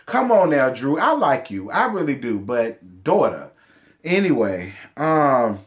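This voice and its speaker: A man's voice: medium pitch, animated, moderate pace. Sassy, blunt man recapping reality TV. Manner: sassy, blunt, profane, addresses cast members directly. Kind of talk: casual reality show recap commentary.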